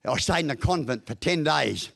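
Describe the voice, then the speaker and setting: Brief: Australian man, 60s, high voice, crude-humoured motivational speaker. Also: lively intonation, normal speed, vocal fry, a bit bright. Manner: broad, joking storyteller with crude humour. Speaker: guest speaker. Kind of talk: motivational after-dinner talk. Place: function room at a business breakfast.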